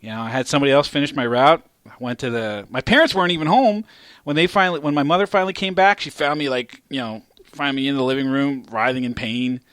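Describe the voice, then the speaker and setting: A man hosting a podcast, telling a story in a casual, profane and animated way. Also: medium pitch, quick pace, dry recording. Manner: profane, animated storyteller who gets loud at climaxes. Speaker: podcast host.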